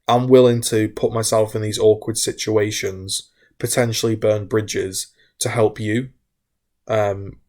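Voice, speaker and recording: A man, a gaming content creator, talking candidly to his viewers, wound up and frustrated, rambling with repeated restarts. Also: on the low side. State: wound up, hiccuping. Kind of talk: candid talk to camera.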